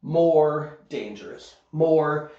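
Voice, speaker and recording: A man's voice: fairly high pitch, very slow. Man teaching English in an echoey room. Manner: patient, explains step by step with frequent "okay?". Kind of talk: recorded online lesson. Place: Korea. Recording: echoey room, muffled sound.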